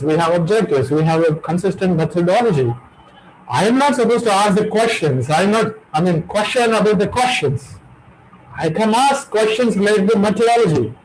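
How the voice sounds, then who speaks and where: A middle-aged lecturer talks through a webinar on his computer microphone. His voice sits a little high, and he drives his points home by repeating them. A faint hiss of background noise runs under the call. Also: rough recording. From India. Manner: emphatic, repetitive, lecturing.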